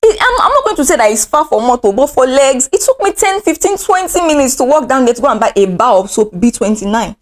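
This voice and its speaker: A woman's voice: high voice, quick pace, few pauses. A young adult woman with a Nigerian accent, casually telling a dramatic story from her own life. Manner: animated, dramatic retelling. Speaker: vlogger.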